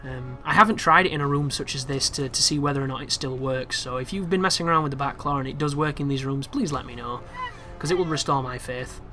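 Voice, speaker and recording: A man's voice: mid-range voice, quick pace, hardly any pauses, faint music behind. A man giving casual walkthrough commentary over gameplay, chatty and prone to exasperated asides. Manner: chatty, with exasperated, animated asides about the game.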